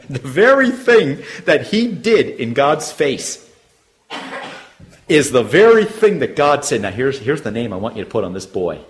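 A man preaching a Bible-teaching sermon, chuckling often and swinging from loud exclamations to quiet asides. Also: medium pitch.

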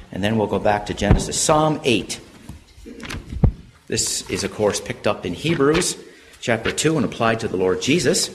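A man teaching a sermon through Bible passages. He reads scripture slowly and deliberately, and his emphatic delivery builds to fervent, higher-pitched stresses. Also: background noise. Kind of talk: expository sermon.

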